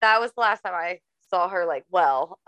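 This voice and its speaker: A young woman talks over a close, dry mic, chiming in with details of a shared family memory. Her manner is chatty and supportive, and she's quick to laugh. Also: fairly low pitch, expressive, a bit bright, no room sound, rough recording. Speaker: podcast co-host. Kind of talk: casual chat.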